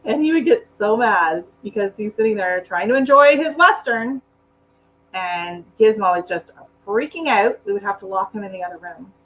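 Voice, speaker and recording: A middle-aged woman hosting a gardening live stream from home, talking in a loose, rambling way as she works. Her voice sits at an ordinary middle pitch, with a faint hum running underneath. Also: lively intonation, moderate pace, a bit bright, rough recording. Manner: chatty and rambling, talks to her dog between tasks. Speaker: gardening channel host. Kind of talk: casual live-stream chat while potting plants. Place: at home indoors.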